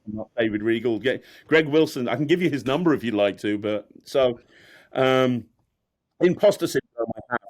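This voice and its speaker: Self-mocking man, rambling. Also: mid-range voice. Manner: self-deprecating, rambling, laughs often. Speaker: magician guest. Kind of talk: candid casual interview chat.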